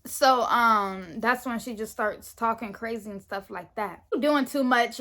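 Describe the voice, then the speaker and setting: A Florida teenage girl with a high, bright voice tells a school story straight to the camera as a vlogger. Animated and indignant yet unhurried, she acts out every line of the argument, her loose, casual retelling full of quoted back-and-forth.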